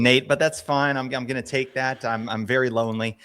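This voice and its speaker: A man's voice: mid-range voice, steady tone, brisk, hardly any pauses, a bit bright, smooth. A man co-hosting a podcast, playful and jokey, stammering a little in casual banter. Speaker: podcast co-host.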